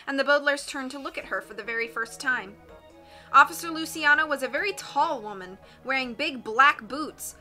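Audiobook narrator, woman; high, bright, steady delivery over faint music. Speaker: audiobook reader.

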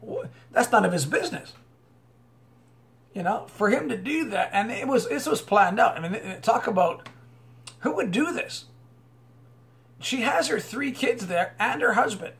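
Man, high-pitched, rambling news commentator, preachy and full of fillers. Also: expressive, unhurried, vocal fry, long pauses, fairly bright tone. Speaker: online commentator. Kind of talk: unscripted commentary reading news aloud.

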